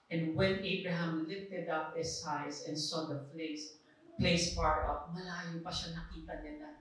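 A woman's voice: low-pitched, steady tone, unhurried. Female pastor, Filipino accent, emphatic repetitive preaching, distant mic in a big reverberant church. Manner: emphatic, repeats phrases, mixes in English. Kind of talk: sermon. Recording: echoey hall, voice far from mic.

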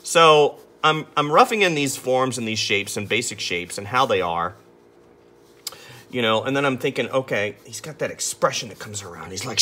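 Brief: artist narrating his sketch in a lively, sharp, husky voice. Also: mid-range voice, moderate pace. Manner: chatty, self-amused, talks while sketching. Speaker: artist teaching drawing. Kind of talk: casual drawing tutorial chat.

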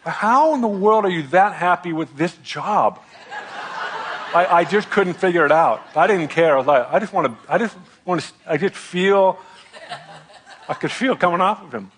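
A middle-aged man, a pastor, telling a personal story in a sermon with a candid, self-deprecating, animated manner. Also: high-pitched, moderate pace, a little hiss or hum.

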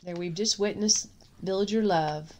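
A woman's voice: mid-range voice, normal speed, a little mellow. A woman with a stuffy nose hosting a gaming video, chatting casually and rambling through her play. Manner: chatty, rambling, sing-song repetitions. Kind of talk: casual gameplay commentary. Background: faint clinking of dishes.

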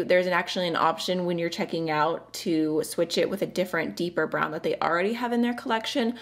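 A young adult woman hosting a casual makeup review, chatty and bubbly, laughing often as she talks. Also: fairly low pitch. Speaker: beauty vlogger.

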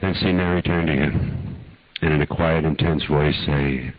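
An older man with a husky voice, leading a slow, earnest guided prayer as a preacher in a sermon. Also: very deep voice, fairly even intonation, dry recording, highs cut off.

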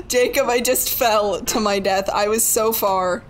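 Commentating live on her gaming stream, a woman in her twenties speaks with a medium, fairly even pitch at a slightly slow pace. Her repeated failures leave her pleading, muttering curses, and laughing at herself in frustration.

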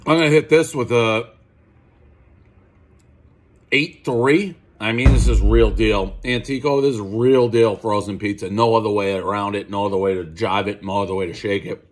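Guy doing a pizza review, swears a lot, rambles, kinda husky voice. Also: lowish voice, normal speed. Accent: Boston. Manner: rambling, profane, animated storytelling. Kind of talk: casual review monologue.

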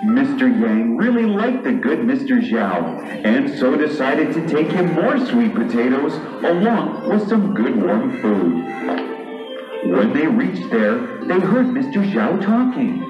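A man narrating a story with steady, measured narration. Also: mid-range voice. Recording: roomy hall from far off, muffled, music behind.

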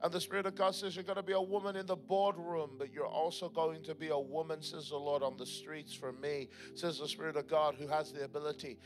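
Leading a church service over background music, this pastor has a slightly high voice, a flat delivery, and a fairly quick pace with few pauses. His sermon mixes playful jokes and laughter with the congregation, then moves into prayer and fervent prophecy.

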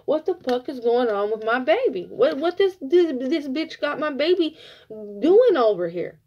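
A woman's voice: high-pitched, big pitch swings, a little slow, highs cut off, voice pushed up, exaggerated voice. A woman voicing an older mother, worried and exasperated about her son, speaking with profanity.

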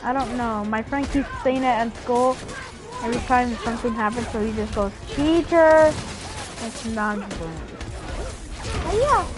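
A woman streaming a video game, giving goofy, excitable commentary full of yells and shrieks, with game music behind. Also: a little high, brisk. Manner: goofy, loud, shrieks and play-fight yells. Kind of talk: excitable let's-play commentary.

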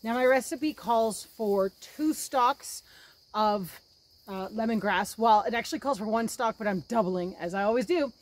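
Her voice is fairly high and her speed normal. The homesteading vlogger chats eagerly in a casual video, showing off her garden outdoors before heading into the kitchen to talk through a recipe while working.

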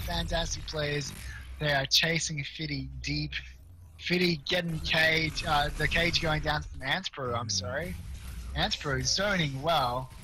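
A young man casting an online game match, excitable and rambling, his voice going hoarse and tired. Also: fairly high pitch, a little hiss or hum, rough recording. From Australia or New Zealand. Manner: excitable, fast, rambling with fillers. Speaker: esports caster. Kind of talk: play-by-play game commentary.

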